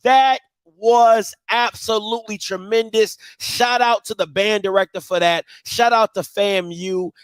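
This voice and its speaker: A man, hosting a live show and telling a story in casual chat, animated and swinging from loud outbursts to low murmurs. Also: a little slow, hardly any pauses, clear, resonant tone, no room sound. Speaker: podcast host.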